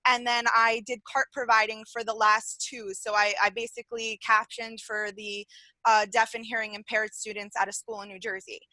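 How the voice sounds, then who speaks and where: Excited, bright-voiced woman caller. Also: on the high side, normal speed, dry recording. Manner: excited, rambling, with many fillers. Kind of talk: excited call-in chat.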